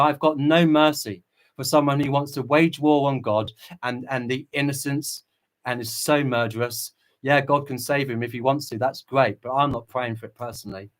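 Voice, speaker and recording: A man hosting a livestream, reading viewer chat and preaching with impassioned fervor. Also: medium pitch. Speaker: channel host.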